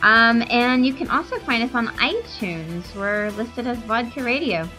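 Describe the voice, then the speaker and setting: A woman hosts a casual talk radio show with a bright, forceful voice pitched a little high. She chats loosely, filling pauses with ums and laughing often. Faint music plays behind her. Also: expressive, rough recording. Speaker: host.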